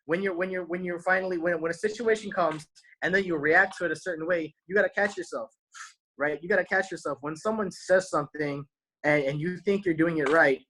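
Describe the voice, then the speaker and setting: Man with a bright, slangy motivational voice. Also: on the high side, a little fast, poor audio. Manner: keeps tagging "right?" onto every point, repeats himself; slangy, talks straight to his viewers. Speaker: motivational speaker. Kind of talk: casual motivational talk to viewers.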